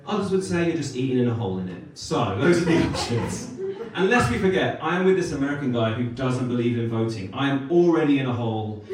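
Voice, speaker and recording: A British man doing stand-up in a comedy club, wry and self-deprecating, his pitch bouncing lively through each line. The room is echoey and he sounds a little off the mic, with laughter rising behind him. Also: distant mic, crowd noise. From United Kingdom. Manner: wry, self-deprecating, animated delivery with quick asides. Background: audience laughter.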